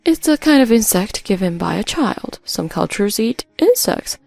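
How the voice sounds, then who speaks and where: A woman voicing a firm, brisk older sister who scolds and lays down conditions. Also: mid-range voice, very animated, vocal fry, a little mellow, no echo, soft background music. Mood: stern brisk. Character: stern, scheming older sister, brisk and unsympathetic.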